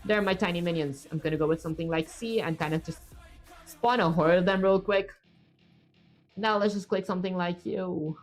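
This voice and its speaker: A woman's voice: fairly low pitch, fairly quick, soft background music. Chatty woman streaming while she codes. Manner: chatty, rambling, with filler words and self-talk. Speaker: streamer coding live. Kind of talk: casual livestream commentary while coding. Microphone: streaming setup with webcam.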